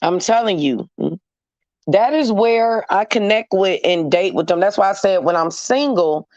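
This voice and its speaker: A woman's voice: medium pitch, normal speed, darkish tone, dry recording, highs cut off. A woman hosting a casual chat with her audience, talking in a blunt, candid and slangy way. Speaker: host talking to viewers.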